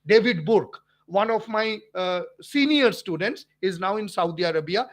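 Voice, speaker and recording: A man's voice: sits high, moderate pace, fairly bright tone. A man with an Indian English accent, a physics teacher hosting a livestream and answering viewer comments in an emphatic, repetitive way, full of fillers and restarts. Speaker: physics teacher and channel host.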